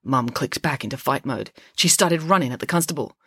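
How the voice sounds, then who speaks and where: A woman author reading her children's story aloud in an expressive storytelling manner. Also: a bass voice, brisk, breathy edge, no room sound, studio quality. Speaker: author and narrator. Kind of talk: audiobook-style story reading.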